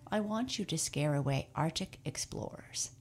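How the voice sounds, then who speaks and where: A woman voicing a jolly, brisk old male Santa Claus in a hearty, bustling manner. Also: sits low, lively intonation, a little mellow.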